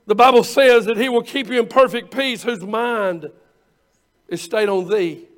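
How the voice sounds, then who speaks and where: Man, pastor, high-pitched, sermon, repeats phrases. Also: unhurried, a bit bright. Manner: quotes scripture in King James wording, repeats phrases.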